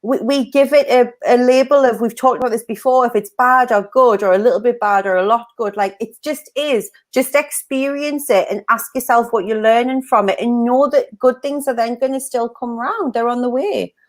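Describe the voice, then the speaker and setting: A woman's voice: a little high, normal speed, hardly any pauses. A woman co-hosting a casual livestream, chatty and bubbly, laughing often as she reads out viewer comments. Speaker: co-host of a mindset livestream.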